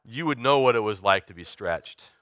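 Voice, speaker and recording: A man's voice: fairly low pitch, expressive, moderate pace, a bit bright, no room sound. A man, preaching an earnest sermon that mixes personal testimony with questions to the congregation. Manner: earnest, confessional, asks the listeners questions.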